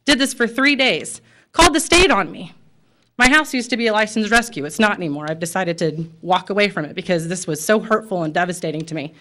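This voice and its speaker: A woman's voice: mid-range voice, a bit bright. An American woman and pet store owner speaking at a city commission meeting, impassioned and emotional, with frequent fillers. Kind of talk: public comment at a city meeting.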